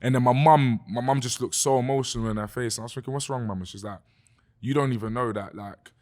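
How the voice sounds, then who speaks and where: A man's voice: medium pitch, fast, a little mellow. A young man with a London accent tells a story in a casual podcast chat. He talks animatedly, swears freely and says "bruv" a lot. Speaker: guest musician.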